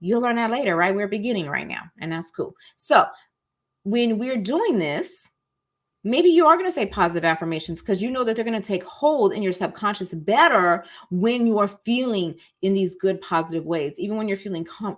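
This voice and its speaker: A woman's voice: mid-range voice, expressive, brisk. Chatty woman coaching listeners. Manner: chatty and encouraging, addresses listeners as y'all and baby; acts out inner thoughts in quoted asides. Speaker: life coach teaching a masterclass. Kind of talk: casual teaching talk.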